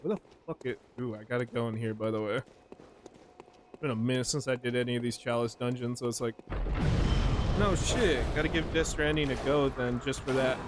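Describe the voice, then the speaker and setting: A man in his twenties streams a game and chats casually with his viewers, rambling in slang and laughing a lot. His mid-range voice keeps a fairly even intonation at a moderate pace, with noise in the background.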